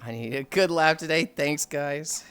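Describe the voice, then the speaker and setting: Bright, clear-voiced streamer chatting with viewers. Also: mid-range voice, measured pace. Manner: chatty storytelling, frequent sighs and laughs. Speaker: livestreamer. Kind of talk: casual live-stream chat.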